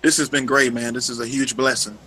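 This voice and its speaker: A man's voice: mid-range voice, level tone, a little fast, pushed and bright, husky, low-quality recording. A man guesting on a live radio interview, earnest and grateful, dropping "man" at the end of his lines. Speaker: musician guest.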